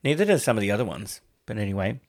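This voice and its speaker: A man co-hosting a casual movie review podcast, chiming in with quick agreements and playful asides. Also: on the low side, big pitch swings. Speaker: podcast co-host.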